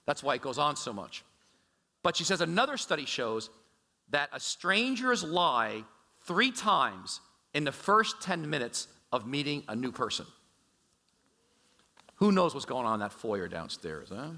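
A man preaching a sermon in a church, chatty and animated, with frequent asides and restarts. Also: fairly high pitch, a little slow, long pauses. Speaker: pastor. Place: church sanctuary. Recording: echoey large hall.

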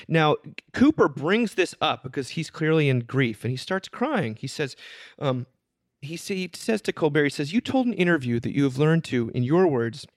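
A man's voice: medium pitch, no echo, studio quality. A man hosting a casual podcast, telling a story with earnest feeling and reading passages aloud to his co-hosts. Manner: earnest, reads passages aloud and retells them. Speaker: podcast host.

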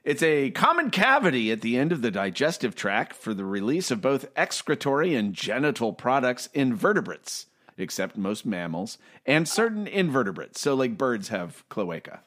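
Guy cohost, lively pitch, baffled, rambly casual talk. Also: normal speed, hardly any pauses. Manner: incredulous, rambling with fillers. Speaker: co-host. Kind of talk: casual chat.

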